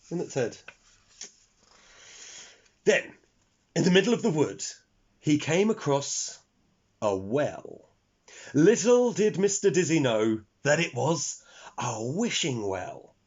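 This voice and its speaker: A man reading a children's story aloud, expressive and speaking to young listeners. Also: a little high, slow, long pauses, breathy edge. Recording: dull lo-fi recording.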